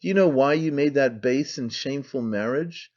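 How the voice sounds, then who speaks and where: A man's voice: medium pitch, normal speed, a little mellow, lightly acted. A man reading an audiobook voices a frantic, impassioned man who pleads and accuses with intensity. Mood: accusing. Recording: slightly dull lo-fi sound.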